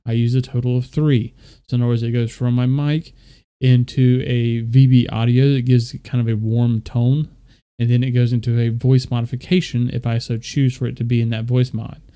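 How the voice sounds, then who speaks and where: Here the young streamer explains his audio setup over screen share, talking loosely and filling gaps with ums. His voice is mid-range, mellow and smooth, delivered flatly at a moderate pace.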